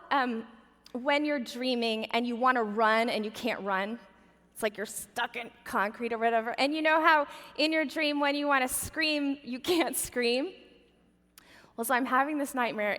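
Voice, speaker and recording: A woman's voice: fairly high pitch, fairly bright tone, long reverb tail. A woman in her forties gives a church Christmas talk as a chatty, self-deprecating comic storyteller. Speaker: guest speaker at a church Christmas event. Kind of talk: humorous personal storytelling message. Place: large church auditorium.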